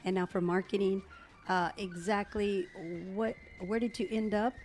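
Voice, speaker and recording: A woman's voice: mid-range voice, fairly even intonation, normal speed, slight background noise. A woman hosting a talk show, interviewing her guest casually and encouraging him. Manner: warm, encouraging. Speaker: host.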